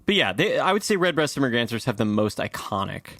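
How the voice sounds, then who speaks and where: A man's voice: mid-range voice, big pitch swings, fairly quick, fairly bright tone, no room sound. A man co-hosting a casual podcast, explaining bird facts in a chatty way with lots of fillers. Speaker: podcast co-host. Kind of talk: casual chat.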